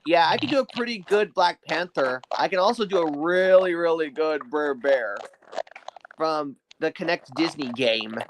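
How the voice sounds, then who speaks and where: A man's voice: fairly high pitch, moderate pace, noisy background. A man from Argentina hosting a live stream, chatting eagerly with friends. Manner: eager, asks questions. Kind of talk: casual chat.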